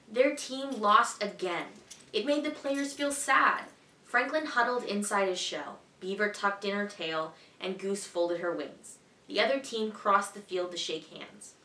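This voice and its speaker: A woman teacher reading a children's picture book aloud in a clear, expressive, evenly paced way. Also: mid-range voice, far from the mic. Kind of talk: storybook read-aloud for children. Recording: echoey room, voice a bit off-mic.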